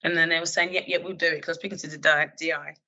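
A woman from London speaks as an interview guest, recounting her police work. She is earnest and halting, with restarts and fillers, and her voice is gravelly yet bright and forceful. The recording is muffled and lo-fi. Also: low-pitched, level tone. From London, England. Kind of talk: emotional personal storytelling.

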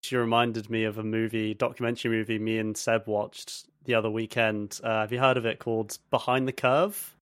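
A man's voice: fairly low pitch, level tone, a bit bright, clean tone, no echo. Teasing man, dry close mic. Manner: teasing, quick asides. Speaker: podcast co-host. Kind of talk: casual chat.

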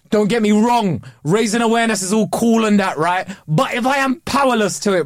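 A man co-hosting a podcast in casual chat, ranting animatedly with drawn-out exclamations. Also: very high-pitched, lively intonation, dry recording, studio quality. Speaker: podcast co-host.

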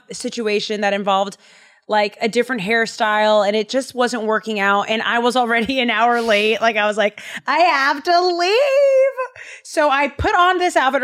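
High-voiced playful woman host. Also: fairly bright tone. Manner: playful, joking, rambling. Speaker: podcast host. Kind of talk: casual chat. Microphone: studio microphone.

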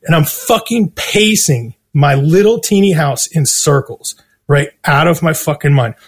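A man's voice: fairly high pitch, measured pace, breathy edge. A man telling a story casually, swearing a lot and laughing along as he goes. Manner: animated, swears constantly, laughs through the story. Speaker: storytelling guest.

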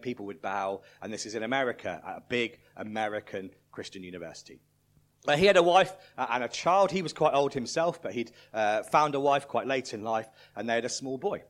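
Male preacher, lively pitch, storyteller who swings from loud to hushed. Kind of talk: sermon with storytelling.

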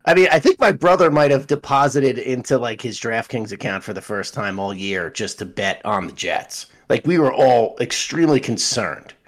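Young adult male podcast co-host, animated and profane in casual sports banter. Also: medium pitch, moderate pace, few pauses. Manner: animated storytelling, swears freely.

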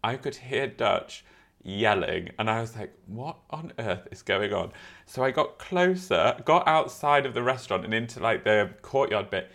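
A man's voice: mid-range voice, sing-song, normal speed, fairly bright tone. A man co-hosting a podcast, telling a story in a theatrical way and acting out quotes. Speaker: podcast co-host. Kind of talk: casual chat, storytelling.

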